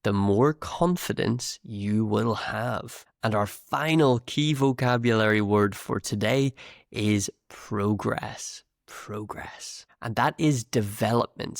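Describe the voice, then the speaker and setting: Male English teacher, northern UK accent, unhurried and encouraging, with some vocal fry. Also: on the low side, dry recording, clean studio sound. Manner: patient, encouraging, repeats words for learners. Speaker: English teacher, podcast host. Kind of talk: slow, clear teaching talk.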